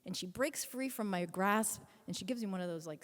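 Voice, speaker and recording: A woman in her fifties telling a personal story live on stage, animated and acting out scenes. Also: mid-range voice, moderate pace, few pauses. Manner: animated, acts out scenes with voices. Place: stage in a hall. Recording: long hall reverb from a stage.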